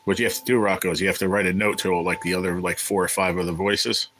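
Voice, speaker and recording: A deep-voiced man chats loosely through a livestream, talking straight to viewers in the chat. His tone has a bright, forward edge, and he rambles and swears freely. A faint hum sits under the recording. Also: little pitch movement, fast, low-quality recording. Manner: rambling, profane, chatty with viewers. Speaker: livestream host reading chat.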